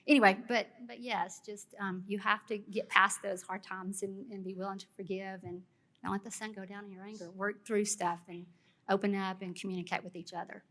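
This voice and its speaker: A woman with a Texan accent, a panel guest telling a marriage story in a lively way. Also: medium pitch, brisk. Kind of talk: casual storytelling.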